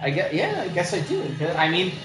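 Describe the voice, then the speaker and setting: Co-host, animated pitch, quick opinionated takes, echoey room. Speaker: podcast co-host. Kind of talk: casual wrestling chat. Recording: roomy live stream with background music.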